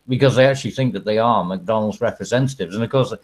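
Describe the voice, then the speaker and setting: A man's voice: mid-range voice, lively intonation, quick pace, few pauses, darkish tone, low-quality recording. A man hosting a casual livestream, rambling through stories with crude humor, fillers and frequent laughter. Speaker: stream host.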